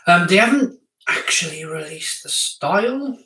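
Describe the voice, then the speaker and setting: A man reviewing craft beer on a live stream in casual, excitable chat with his viewers. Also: high-pitched, a little slow, recorded from a distance. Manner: chatty, excitable, talks to viewers. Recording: echoey room, off-mic.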